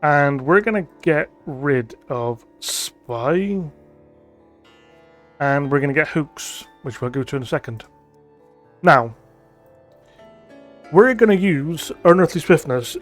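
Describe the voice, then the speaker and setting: A man giving thinking-aloud commentary as he plays a digital board game, reading card text aloud and musing with frequent ums. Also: fairly high pitch.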